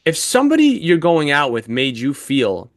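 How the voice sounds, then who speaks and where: Podcast co-host, male, animated and profane, slightly high voice, dry mic. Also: moderate pace, no room sound. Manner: animated, heavy swearing, storytelling. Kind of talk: casual chat.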